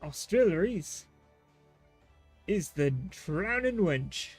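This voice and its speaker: A man doing a gruff tavern keeper. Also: high-pitched, big pitch swings, extremely slow, faint music behind, exaggerated voice. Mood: hearty. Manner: stumbling over the lines, folksy. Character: gruff male tavern keeper, rough-spoken.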